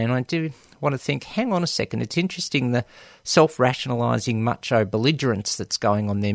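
A man's voice: mid-range voice, creaky, dry recording, clean studio sound. A man hosting a radio show, giving frank, emphatic opinion commentary full of ums and restarts. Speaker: radio host.

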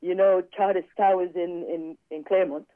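A man telling a personal story in casual chat, animated and acting out the quoted dialogue. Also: high-pitched, normal speed, no room sound. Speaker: guest. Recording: tinny phone-line sound, dry.

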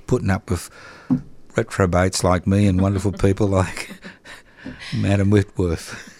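A man's voice: low-pitched, level tone, measured pace, vocal fry, darkish tone. A man with an Australian accent hosting a casual studio chat on the radio, teasing his guest and laughing often. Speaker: radio host.

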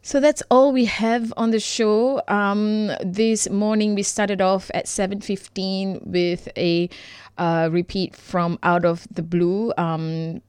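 A woman hosts a community radio breakfast program, running through the morning's segments. Her voice sits low and the sound is dry and close, and she fills gaps with ums as she reads. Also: darkish tone, smooth, dry recording. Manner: frequent ums, reading a rundown. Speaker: radio presenter.

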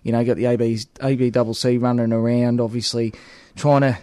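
An Australian man chats casually as a union organiser, padding his talk with stock fillers. His voice sits at an ordinary pitch. The recording is dry, with no room sound. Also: little pitch movement, fairly quick, warm tone, clean tone, dry recording. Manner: chatty, leans on fillers like "obviously" and "at the end of the day". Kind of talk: casual podcast chat.

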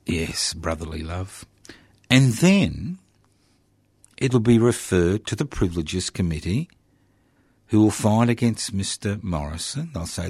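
A man's voice: low-pitched, sing-song, measured pace, long pauses, darkish tone, breathy edge, no echo, studio quality. A man with an Australian accent hosting community radio, giving sarcastic, opinionated political commentary with mocking, emphatic bursts.

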